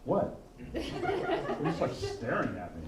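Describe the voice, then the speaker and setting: A man's voice: mid-range voice, huge pitch swings, unhurried, over loud music. A man headlining a stand-up comedy show, bantering with the audience in a dry, self-deprecating way. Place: comedy venue with live audience. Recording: echoey room, distant mic, background noise.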